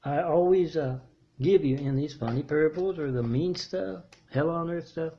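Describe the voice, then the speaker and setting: A man telling a meandering story in a halting monologue, restarting his phrases often. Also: a little high, breathy edge, muffled recording. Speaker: self-made video preacher.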